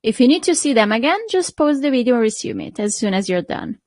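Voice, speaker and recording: A woman's voice: fairly high pitch, sing-song, quick pace, a little mellow, no room sound. A woman teaching a language lesson, patiently repeating each word and checking in with the listener. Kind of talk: slow, clear language lesson.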